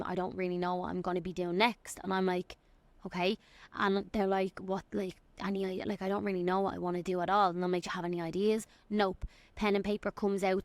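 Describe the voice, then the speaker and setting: A young woman from Dublin with an Irish accent, hosting a solo podcast and giving an excited, rambling life update. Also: medium pitch, no echo. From Ireland. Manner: excited, rambling, quotes people in little acted voices. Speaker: podcast host and fitness coach.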